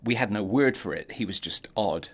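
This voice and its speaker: An English man in his sixties speaks in a notably deep, low register. He talks in a relaxed, measured and articulate way as he answers interview questions. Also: husky. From England. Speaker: actor guest. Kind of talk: casual interview chat.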